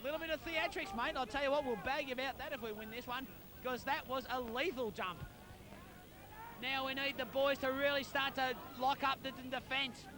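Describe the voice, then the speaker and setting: A man with a very high voice calls a local footy match, barracking hard for his side and yelling advice at the players. He is outdoors at a suburban ground, recorded on amateur video with traffic in the background. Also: fairly even intonation, normal speed. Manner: partisan, shouts encouragement to players. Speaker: club commentator. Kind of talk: amateur football commentary.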